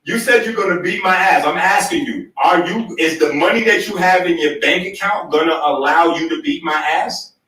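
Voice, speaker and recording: A male host in a heated argument, insistently cutting in, then lecturing slowly and deliberately. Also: high-pitched, pushed and bright, very echoey, distant mic, low-quality recording. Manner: insistent, keeps cutting in to demand to be heard.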